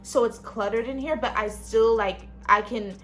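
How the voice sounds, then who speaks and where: A woman's voice: a little high, fairly even intonation, moderate pace, a bit bright, faint music behind. Chatty young woman vlogger, frank. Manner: chatty, frank, swears casually, talks straight to viewers. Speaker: lifestyle vlogger. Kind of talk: casual self-help vlog talk. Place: small cluttered studio apartment.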